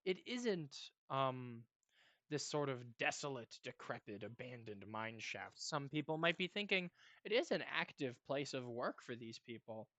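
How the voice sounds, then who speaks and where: A man running a tabletop game as game master, narrating in a relaxed, rambling way with fillers. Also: mid-range voice, unhurried, no echo.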